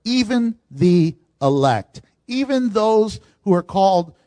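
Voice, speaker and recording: A man preaching as pastor, animated, acting out the voices of people he quotes. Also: high voice, slow pace, dry recording. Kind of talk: sermon.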